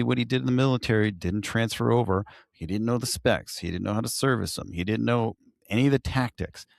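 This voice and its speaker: Gravelly low-voiced man telling stories. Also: dry recording, studio quality. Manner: storytelling, animated when quoting others. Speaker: podcast co-host, firefighter. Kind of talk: casual podcast chat.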